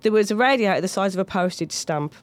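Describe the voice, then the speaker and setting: A woman in her thirties, guesting as a comedian, chats casually at a quick pace in a medium-pitched voice. She tells anecdotes with animated storytelling, putting on lots of mimicked voices.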